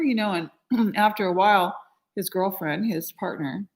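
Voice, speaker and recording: A middle-aged woman, a spiritual healer, telling an emotional personal story in a conversational way with frequent fillers, acting out quoted voices with rising pitch and loudness. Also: expressive, normal speed.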